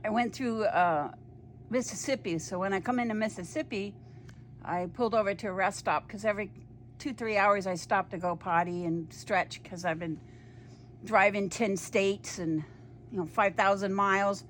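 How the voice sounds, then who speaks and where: A woman's voice: mid-range voice, normal speed, a bit bright. An older woman, a bar owner, telling a story in a chatty, folksy way with some laughing. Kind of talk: casual storytelling. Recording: faint background noise.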